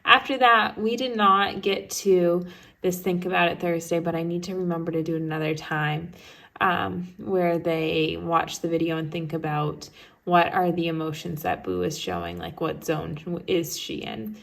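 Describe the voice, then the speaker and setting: A woman's voice: on the low side, moderate pace, vocal fry, fairly bright tone. A young woman, a third grade teacher, chatting at home into a phone held up in front of her, gushing and full of "like"s and little laughs. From Maine, USA. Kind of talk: casual vlog chat to camera. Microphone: phone held up to the face.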